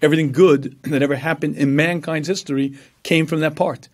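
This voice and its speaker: Animated man lecturing with throat clearing. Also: fairly high pitch, a little fast. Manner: animated storytelling, acts out voices, frequent throat clearing. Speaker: rabbi and lecturer. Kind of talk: Torah lecture.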